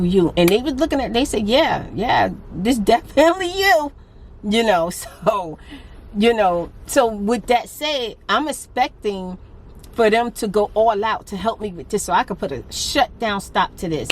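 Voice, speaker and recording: A woman's voice: medium pitch, slight background noise. A woman vlogging casually, venting her frustration in a talkative, laughing way. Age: adult with a grown daughter. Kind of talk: casual vlog talk.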